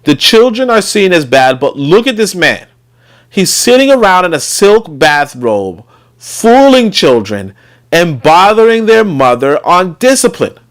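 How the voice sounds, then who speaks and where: Rambling man with a lively voice. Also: high voice, measured pace. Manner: rambling, many fillers, trails off. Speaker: host. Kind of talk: casual commentary livestream.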